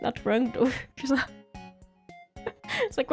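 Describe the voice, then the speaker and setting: A woman's voice: a little high, fairly even intonation, takes it slowly, long pauses, darkish tone, faint music behind. A woman streamer chatting casually while drawing, rambling through stories with lots of giggles and acted-out quotes.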